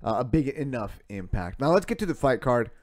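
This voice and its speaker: A man co-hosting a casual sports podcast, who talks excitably and swears a lot. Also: medium pitch, brisk. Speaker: podcast co-host.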